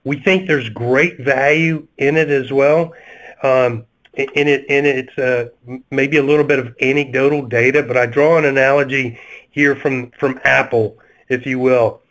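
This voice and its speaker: Southern guy on a webinar panel, lots of ums and restarts, normal pitch. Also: steady tone, fairly bright tone, rough recording. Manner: halting, many fillers and restarts. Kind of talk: webinar discussion.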